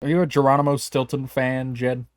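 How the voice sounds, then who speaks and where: A man's voice: medium pitch, flat delivery, a little fast, dry recording, clean studio sound. A man co-hosting a podcast, telling rambling jokey stories with lots of restarts in casual chat. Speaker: podcast co-host.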